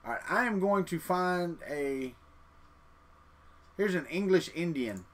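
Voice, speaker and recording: A man's voice: high voice, animated, slow. A man hosting a casual live stream, chatting and muttering to himself as he clicks through settings. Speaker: livestream host.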